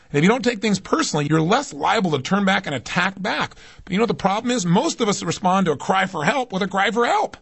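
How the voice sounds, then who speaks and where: A male self-help speaker with a husky, breathy edge, talking in a fairly high register. He swings between quiet, confiding asides and forceful, rising emphasis as he teaches. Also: dry recording. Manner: emphatic, swings between low intimate asides and raised intensity. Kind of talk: recorded motivational lecture.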